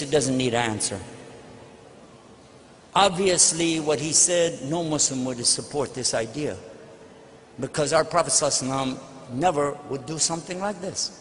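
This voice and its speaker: A man's voice: sits high, fairly bright tone. A man answering an audience question at a religious lecture, telling a personal story and acting out the dialogue. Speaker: Islamic speaker. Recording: long hall reverb, faint noise.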